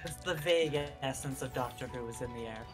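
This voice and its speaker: A woman's voice: extremely low pitch, fairly quick, music in the background. A woman chatting casually while gaming, tossing in dry joking asides. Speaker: podcast co-host.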